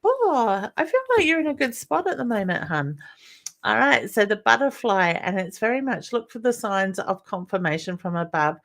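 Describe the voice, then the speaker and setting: A woman's voice: medium pitch, big pitch swings, moderate pace, gravelly, a bit bright. A woman, a psychic medium giving live readings to viewers. She is affectionate and reassuring, calling people honey and hun.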